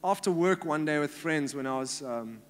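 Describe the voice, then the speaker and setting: A man's voice: a little high, moderate pace. Young man preaching in a reverberant hall. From South Africa. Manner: casual storytelling with many "like" fillers and acted-out quotes. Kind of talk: sermon with personal testimony. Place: church hall.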